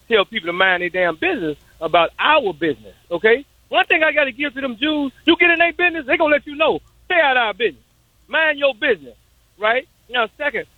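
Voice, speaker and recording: A man's voice: extremely high pitch, no room sound. A man calling into a radio talk show, insistent and stubborn, repeating himself to make his point. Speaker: caller. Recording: phone line.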